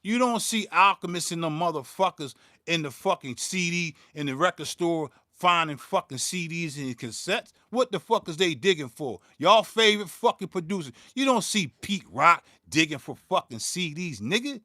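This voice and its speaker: Heated, profane hip hop beatmaker. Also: male voice, fairly high pitch, lively intonation, normal speed, sharp tone, no echo, studio quality. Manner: profane, heated, repeats words when worked up. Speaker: beatmaker and channel host. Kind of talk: livestream rant.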